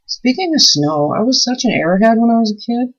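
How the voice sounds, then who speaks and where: A woman's voice: on the high side, animated, brisk. A woman chatting casually while making soap, telling stories and easily delighted. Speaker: soap maker and channel host. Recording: dull, muffled recording.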